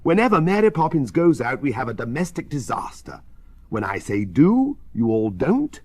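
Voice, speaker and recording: A man's voice: mid-range voice, big pitch swings, moderate pace, a little mellow, slightly rough, dry recording. A man playing a pompous, grumbling storybook father. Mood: scolding. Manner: stern, exasperated scolding.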